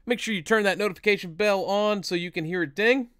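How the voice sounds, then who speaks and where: A young man with a smooth, clear voice, co-hosting a casual talk podcast. He talks in a chatty, upbeat way and rattles off plugs quickly. His voice sits a little high for a man. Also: fairly bright tone, no room sound, clean studio sound. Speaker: podcast co-host.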